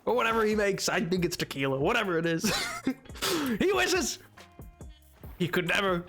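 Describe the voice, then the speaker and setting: A man streaming a game live, chatting with his viewers in an excitable, playful, self-mocking way. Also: high-pitched, moderate pace, long pauses, soft background music.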